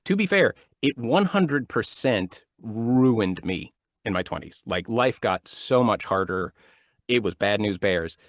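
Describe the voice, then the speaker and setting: His voice is lowish and a little slow, and the home-studio recording is studio quality without echo. The man, in his thirties, acts and narrates audiobooks; chatting casually as an interview guest, he tells lively stories, often laughing and restarting his sentences.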